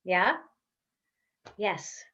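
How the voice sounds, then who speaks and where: A woman voice coach leading a guided vocal warm-up over a webcam, giving encouraging step-by-step instructions with long hums. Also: medium pitch, big pitch swings, very slow, highs cut off. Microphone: webcam on a video call.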